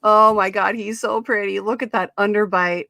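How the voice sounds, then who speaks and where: A woman's voice: mid-range voice, fairly even intonation, moderate pace, creaky, sharp tone, a little hiss or hum. A woman hosting a livestream chat, gushing and playful, swearing now and then. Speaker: stream host.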